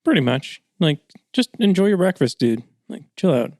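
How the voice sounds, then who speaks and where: High voiced guy at the game table, gravelly, playful and teasing, dry sound. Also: sing-song, moderate pace, darkish tone, no echo. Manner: playful, teasing, laughs easily. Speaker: player. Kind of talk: casual chat at the gaming table.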